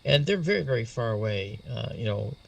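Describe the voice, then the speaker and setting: Gravelly man explaining astronomy. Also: medium pitch, expressive, brisk, far from the mic. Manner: patient and explanatory, spells out terms. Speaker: astronomy guest expert. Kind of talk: explanatory interview talk.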